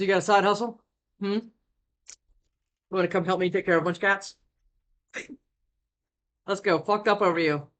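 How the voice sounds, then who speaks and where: A woman's voice: medium pitch, sharp tone. A sleep-deprived woman reads tarot for her viewers from home, talking into a close mic. She rambles, trails off and starts her sentences over. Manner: rambling, with frequent restarts. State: worn out from lack of sleep. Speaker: tarot reader. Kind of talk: casual tarot reading to camera. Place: indoors at home. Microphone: desk mic, close.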